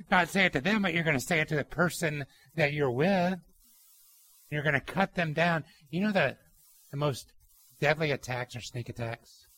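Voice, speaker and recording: A young adult man preaching a sermon, telling anecdotes with lively mimicry and shifting emphasis. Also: on the high side. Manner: animated storytelling, mimics people in anecdotes. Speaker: pastor.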